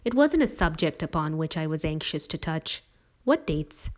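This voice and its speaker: A woman's voice: low voice, sing-song, a little fast, lo-fi sound. A woman reading a first-person story in a wry, dramatic storytelling manner.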